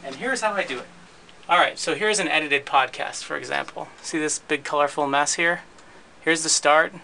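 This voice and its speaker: A man hosting his podcast, casually walking through his recording and editing setup in a relaxed, rambling way with frequent restarts. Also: a little high, gravelly, slight background noise, poor audio. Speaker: podcast host and editor. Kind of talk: casual gear walkthrough.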